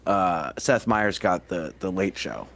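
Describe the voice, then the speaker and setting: Casting: man, low voice with lively pitch, halting casual podcast co-host. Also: vocal fry. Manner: halting, restarts a lot. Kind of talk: casual chat.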